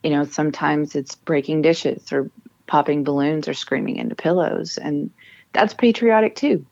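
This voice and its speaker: A woman's voice: sits low, moderate pace, vocal fry, a little mellow, no echo, muffled recording. A woman in her thirties, a military spouse and author, telling her family's story with earnest emotion and frequent restarts. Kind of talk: personal storytelling in an interview.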